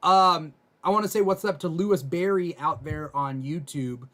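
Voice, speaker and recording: Man, aftershow host; slightly high voice, casual, stops and restarts mid-sentence. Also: a bit bright. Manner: reads viewer comments aloud, halting restarts. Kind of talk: casual panel discussion.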